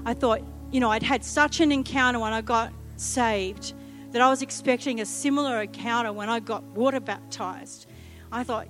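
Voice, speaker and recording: High-voiced woman preaching. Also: normal speed, faint music behind. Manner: lively, humorous, acts out quotes. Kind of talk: sermon storytelling.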